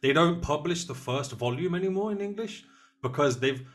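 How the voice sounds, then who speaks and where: A man's voice: fairly high pitch, animated, normal speed. A man hosting a history interview, asking eager questions and chatting with his guest. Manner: eager, apologetic asides. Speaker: podcast host. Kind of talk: conversational interview.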